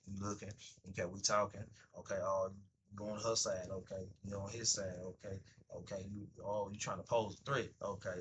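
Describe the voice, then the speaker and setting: A man's voice: on the low side, a bit bright, slight background noise. A man hosting a livestream, talking bluntly in casual street slang and profanity, acting out both sides of everyday conversations. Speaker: livestream host. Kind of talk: casual monologue on stream.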